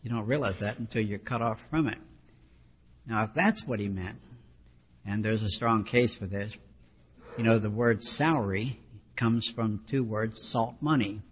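Speaking at a measured pace with frequent pauses, this man has a lowish, breathy voice. He delivers a sermon that explains scripture conversationally, often wandering into asides, and the dull lo-fi audio carries a long hall reverb.

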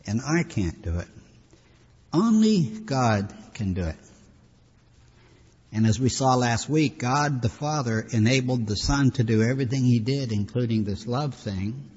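A man's voice: medium pitch, darkish tone, husky. A man preaching a sermon in a conversational, folksy teaching manner with friendly asides. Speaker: pastor. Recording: dull lo-fi recording with long hall reverb.

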